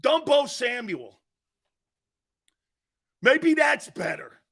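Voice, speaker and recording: A man hosting a sports talk show, ranting in a loud and mocking way. His voice sits very high and swings widely. It sounds bright and edgy, and he talks at an unhurried pace. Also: big pitch swings, vocal fry. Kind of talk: sports opinion rant.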